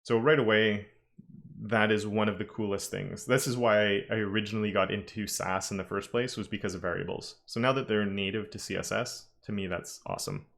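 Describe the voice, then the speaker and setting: A man's voice: on the low side, steady tone, fairly quick, creaky, fairly bright tone. A man teaching a live-streamed coding lesson, talking casually and thinking aloud with frequent self-corrections. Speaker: web development instructor.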